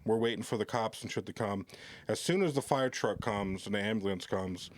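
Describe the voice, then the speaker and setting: A man's voice: on the low side, a little fast. A man who works security at a comedy club, telling rambling, profane anecdotes as a podcast guest. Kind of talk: casual storytelling on a podcast.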